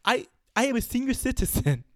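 A man's voice: extremely high pitch, sing-song, fairly quick, no echo, studio quality, voice pushed up. A man voicing an indignant older male caller with a Jamaican accent who keeps repeating his complaint. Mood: exasperated. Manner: exasperated, repeating himself.

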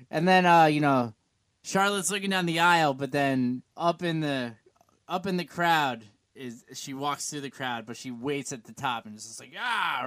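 A man's voice: fairly high pitch, fairly bright tone, no echo. A man co-hosting a casual podcast, rambling with many restarts and some swearing. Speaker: podcast co-host. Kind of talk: casual wrestling chat.

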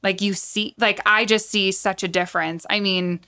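A woman guest chatting about her work in a relaxed, conversational way. She talks in loose, looping sentences full of fillers and restarts, with an ordinary mid-range voice. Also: mid-range voice, normal speed. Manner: chatty, lots of likes and restarts. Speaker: guest, horse trainer. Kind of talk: casual podcast conversation.

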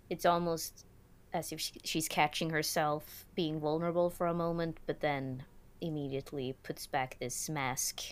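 Woman player, unhurried story narration, low voice. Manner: slow, deliberate storytelling. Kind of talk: narrating a tabletop game. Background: music.

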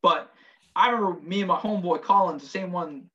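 A former Marine telling profane, lively war stories in casual chat, acting out the quotes. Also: male voice, sits high, fairly quick, dull audio. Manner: profane, animated storytelling with acted quotes.

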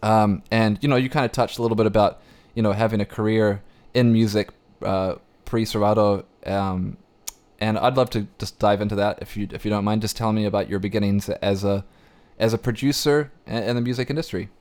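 A man's voice: fairly low pitch, steady tone, brisk, darkish tone. A New Zealand man hosting a podcast, chatting and telling stories in an easygoing way with fillers. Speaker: podcast host. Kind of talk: casual podcast chat.

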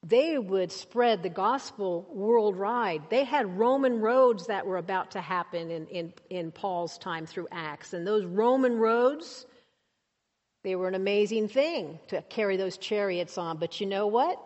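A woman preaching a sermon to a congregation, emphatic and conversational, rising to high exclamations. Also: animated, measured pace, darkish tone, muffled recording. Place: church. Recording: long hall reverb.

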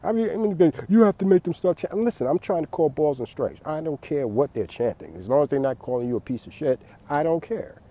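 A man's voice: a little high, lively intonation, fast talker, few pauses, warm tone. A man giving a late-night rambling monologue, repeating words and laughing at his own jokes.

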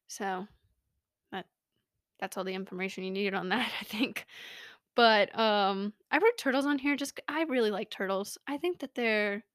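A woman's voice: medium pitch, a bit bright, no echo. A young woman hosting a podcast, rambling in a casual, self-mocking way, recorded close in a small home studio. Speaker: podcast host. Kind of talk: casual chat.

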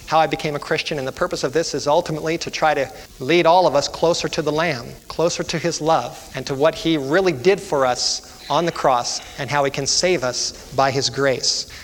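Fervent male preacher in an echoey hall. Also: a little high. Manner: fervent, rhythmic repetition, calls of amen and hallelujah. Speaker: preacher leading a prophecy seminar. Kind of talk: evangelistic sermon with storytelling. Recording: echoey hall, faint music.

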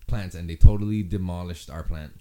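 A man's voice: low-pitched, brisk, warm tone. A man hosting a casual podcast, joking and swearing freely. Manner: joking, crude, swears a lot. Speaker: podcast host.

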